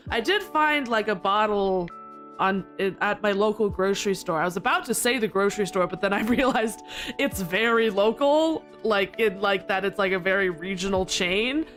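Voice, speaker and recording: A woman's voice: lively intonation, moderate pace, a bit bright, soft background music. Giggly rambling woman streamer. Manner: giggly, rambling, with frequent laughter; squeaky high protests when flustered. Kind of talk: casual live-stream chat.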